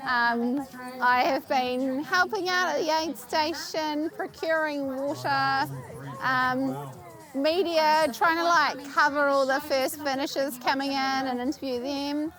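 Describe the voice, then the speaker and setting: A woman's voice: high-pitched, takes it slowly, a bit bright. A woman co-hosting and interviewing outdoors at a race, upbeat and laughing often. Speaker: podcast co-host and interviewer. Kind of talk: casual chat. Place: outdoors at a race aid station.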